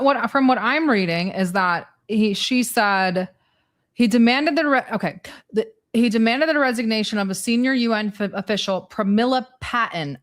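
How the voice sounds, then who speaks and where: A woman's voice: medium pitch, a bit bright. A woman hosting a casual political talk show, reading news aloud in a loose way with hesitant fillers. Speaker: show host.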